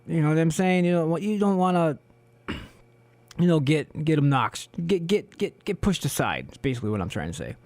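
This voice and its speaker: A man co-hosting a community radio show in casual solo talk, hoarse from losing his voice, rambling with many fillers, in a small studio on a studio microphone. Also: medium pitch, darkish tone, no room sound. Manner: rambling, heavy on "you know" fillers.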